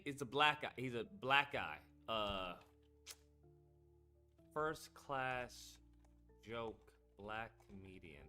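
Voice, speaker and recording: A man chatting casually on a live stream, with a bright, forceful voice that swings widely up and down in pitch. He rambles and swears as he talks to his viewers, with faint music playing under him. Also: animated, slow, pauses often, clear, resonant tone. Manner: rambling and profane, talking to chat. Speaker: streamer host.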